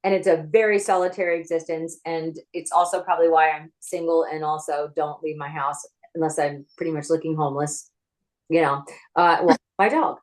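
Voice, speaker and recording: A woman with a slightly low voice, chatting in an animated, storytelling way. She is in her home office on a video call. She sounds like a writer and former actress talking about her career in an interview. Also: fairly quick, rough recording. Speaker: actress and screenwriter.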